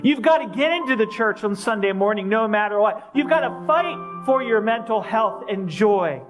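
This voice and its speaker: A man's voice: high voice, animated, moderate pace, over music. A man preaching an earnest sermon as pastor, with emphatic repetition and direct questions to his listeners.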